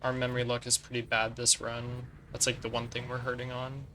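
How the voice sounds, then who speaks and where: A man streams a strategy game in a pushed, bright mid-range voice, completely flat and a little fast, with slight background noise. His casual commentary analyzes tactics as he plays, and he chats with viewers between moves.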